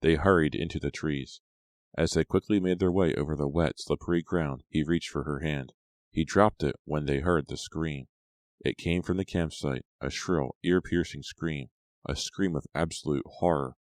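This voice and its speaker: A man narrating an audiobook in a steady storytelling voice. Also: very deep voice, moderate pace, no echo, studio quality. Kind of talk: scripted narration.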